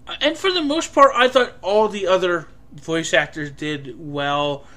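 A man giving a casual, rambling film review, full of fillers and an animated delivery. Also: high-pitched, measured pace.

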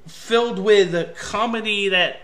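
A man with a high, bright voice delivers a ranting film review. He sounds exasperated and sarcastic, and he swears freely as he picks the movie apart. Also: measured pace.

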